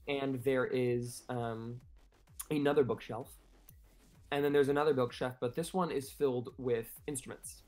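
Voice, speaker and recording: A man's voice: medium pitch, fairly even intonation, a little mellow, soft background music. Rambling game master, man. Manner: rambling, filler-heavy, fast. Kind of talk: improvised tabletop game narration.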